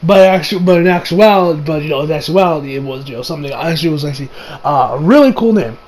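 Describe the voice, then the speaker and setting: A young man casually reviewing an anime episode, excitable, cursing a lot and restarting his sentences. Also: a little high, fast. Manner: excitable, swears often, many fillers and restarts.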